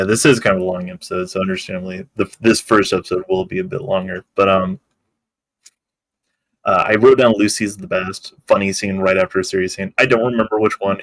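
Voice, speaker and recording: Low-voiced man reading off his notes. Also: no room sound. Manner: relaxed, working through written notes, swears casually. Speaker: podcast co-host. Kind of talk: casual podcast chat.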